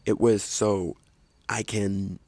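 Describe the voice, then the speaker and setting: A man with a fairly low, gravelly voice rambles casually as host of his own podcast, correcting himself and tossing in jokey asides. He speaks close to the microphone in a dry, dead-sounding home room. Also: level tone, slow, darkish tone, dry recording. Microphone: close desk microphone.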